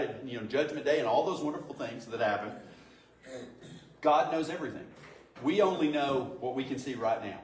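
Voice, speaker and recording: A man preaching to his congregation in a conversational way, often asking rhetorical questions. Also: medium pitch. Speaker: pastor. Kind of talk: sermon. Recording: echoey room, distant mic, faint noise.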